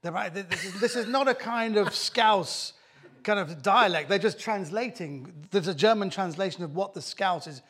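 Husky, high-voiced comedian. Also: male voice, fairly bright tone. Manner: indignant, cheeky, quick to jump in. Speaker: comedian guest. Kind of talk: comic panel banter. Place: studio with live audience.

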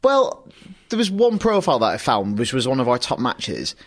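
A man's voice: medium pitch, huge pitch swings, normal speed. A man co-hosting a podcast in casual chat, wry and chatty as he reads out listener emails. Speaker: podcast co-host.

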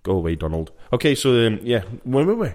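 A man with a Sheffield accent co-hosting a casual fan podcast, playful and quick to laugh. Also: mid-range voice, sing-song, darkish tone. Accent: Sheffield English. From England. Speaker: podcast co-host. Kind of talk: casual banter.

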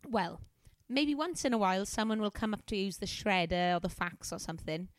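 A woman's voice: mid-range voice, expressive, fairly quick, dry recording, natural voice. A woman voicing a chatty young female office temp in a put-on Welsh accent, confiding and talkative.

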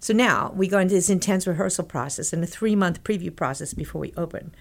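An older woman from Texas tells stories as an interview guest, her voice sitting a little low. She is lively and laughs often, and she acts out what other people said. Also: fast talker, vocal fry. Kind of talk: animated storytelling in an interview.

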